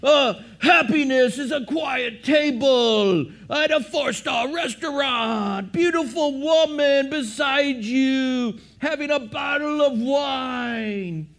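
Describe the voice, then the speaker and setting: A man's voice: very high voice, takes it slowly, vocal fry, hardly any pauses, fairly bright tone, pitched above the performer's own voice, heavily acted. A man playing a pompous, romantic Frenchman with a put-on French accent, drawn out and laughing, as a joke in a sermon. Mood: scoffing.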